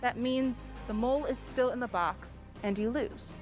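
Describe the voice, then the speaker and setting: A woman hosting a game show, announcing rules in a measured, formal way. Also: a little high. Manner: measured, formal presenter delivery. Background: clear music.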